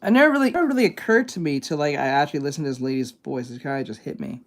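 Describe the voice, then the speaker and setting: This man's voice runs on the high side, rapid-fire, with lively intonation. Streaming live as an art streamer reacting to videos, he chats casually with viewers, rambling hesitantly with many fillers and restarts.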